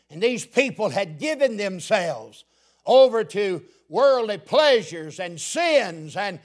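An older man, a radio preacher delivering a fiery sermon that builds to shouts. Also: sits high.

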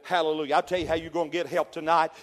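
A middle-aged man preaching a fervent revival sermon, swinging from loud peaks to hushed storytelling. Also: on the high side, flat delivery, racing. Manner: fervent, builds to shouted peaks then drops to hushed storytelling. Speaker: pastor. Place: church sanctuary. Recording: long hall reverb.

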